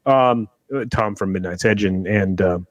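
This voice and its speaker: A man with a lowish voice speaks at a normal speed while hosting a casual livestream chat, picked up by his video call webcam with no echo. His talk is emphatic, marked by restarts and insistent asides.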